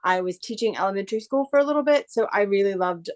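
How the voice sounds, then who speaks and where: A woman from the San Francisco Bay Area, an artist who customizes shoes, chats in a casual video-call interview, rambling and restarting often. Her medium-pitched voice has a darkish tone, and she talks fast and expressively.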